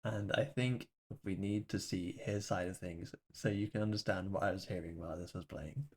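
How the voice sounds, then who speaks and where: A man's voice: low voice, fairly even intonation, normal speed, breathy edge. A man doing voice-over commentary on his own game match, candid and self-deprecating as he walks through his mistakes. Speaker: gaming video host.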